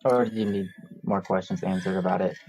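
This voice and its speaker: A man co-hosting a casual advice livestream from a cheap low-quality mic, joking and playful between questions. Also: steady tone, fairly quick, mellow. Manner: joking, playful, apologetic asides. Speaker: livestream co-host.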